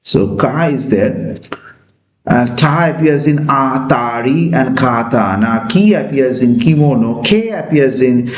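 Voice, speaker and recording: A man teaching a lesson, talking with many pauses and fillers. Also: medium pitch. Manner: slow, hesitant, many fillers. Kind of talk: classroom lecture. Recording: echoey room.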